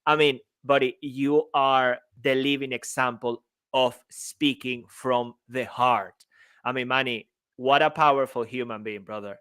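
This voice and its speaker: Co-host, man, effusive, enthusiastic, mid-pitched voice. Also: fairly even intonation, measured pace, fairly bright tone, clean tone, no room sound. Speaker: podcast co-host. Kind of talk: casual podcast chat.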